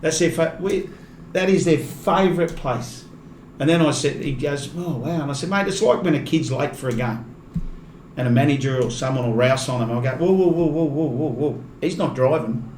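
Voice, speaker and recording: A man's voice: mid-range voice, normal speed, darkish tone. An Australian man, a rugby league commentator, telling stories in a casual podcast chat and laughing often. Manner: chatty, laughs often mid-story. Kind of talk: casual storytelling. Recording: echoey room, faint noise.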